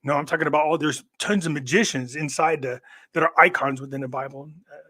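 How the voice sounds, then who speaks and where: A man with a fairly high, bright, forceful voice talks fast as a guest on a live online show. He rambles through long stories in casual chat, often restarting his sentences.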